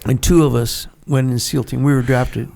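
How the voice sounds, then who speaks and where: A man's voice: medium pitch, steady tone, a little fast, creaky, darkish tone. An older man, a former Navy SEAL guest, telling rambling stories with frequent laughs and acted-out voices. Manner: rambling, laughs often, acts out quoted voices. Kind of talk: casual storytelling interview.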